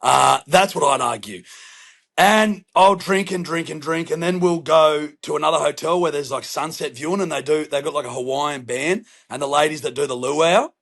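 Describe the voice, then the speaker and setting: Young man, Australian accent, gravelly, husky, playful, sweary podcast chat. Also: a little high, moderate pace, fairly bright tone. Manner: playful, alliterative, swears often, acts out voices. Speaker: podcast co-host. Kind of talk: casual chat, storytelling.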